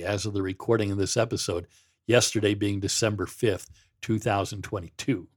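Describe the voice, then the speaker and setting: A middle-aged man, a former pastor, hosting a podcast in a sarcastic, mocking monologue, reading quotes aloud with dramatic flair. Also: on the low side. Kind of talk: sardonic monologue.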